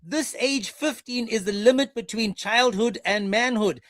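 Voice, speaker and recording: A man's voice: high voice, a little slow, fairly bright tone, no room sound, studio quality. A man hosting a heated debate, brusque and insistent, repeating his questions over and over. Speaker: host.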